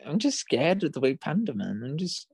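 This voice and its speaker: Excitable young man, lively dry voice. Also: a little high, normal speed, breathy edge, no room sound. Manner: excitable, animated, dramatic reactions. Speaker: podcast co-host. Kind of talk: casual chat.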